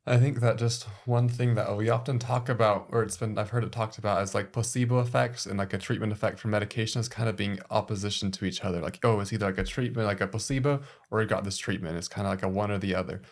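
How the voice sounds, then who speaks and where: Male clinic staffer, podcast guest: lowish voice, explanatory, casual fillers. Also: fairly even intonation. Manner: explanatory, measured, with many "like" fillers. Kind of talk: podcast conversation.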